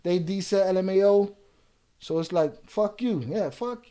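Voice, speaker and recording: A man's voice: high voice, unhurried, warm tone. A man hosting a live reaction stream, reading viewer comments aloud and firing back at a troll with profane, heated rants. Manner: laid-back, explaining points with repeated "you know".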